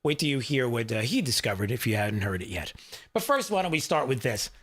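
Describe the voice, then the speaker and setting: A man's voice: mid-range voice, very animated, brisk, fairly bright tone, husky. A man hosting a talk radio show in a studio, rambling casually with many fillers and asides to his producer.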